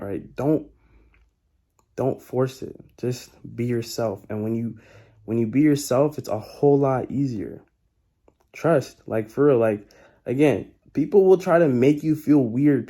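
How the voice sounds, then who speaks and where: A man's voice: medium pitch, mellow. A young man giving casual motivational life advice in a laid-back, slangy way, often repeating his key points.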